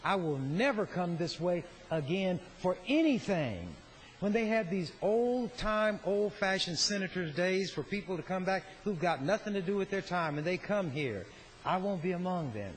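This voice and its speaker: A man giving a slow, deliberate, sardonic floor speech as a state senator in a legislative chamber. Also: high-pitched, animated, slight background noise, poor audio.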